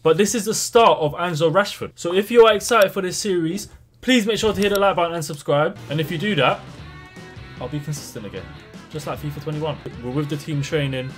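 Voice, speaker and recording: A young man giving chatty, slangy gameplay commentary as a gaming YouTuber, excitable and given to sudden loud outbursts. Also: mid-range voice.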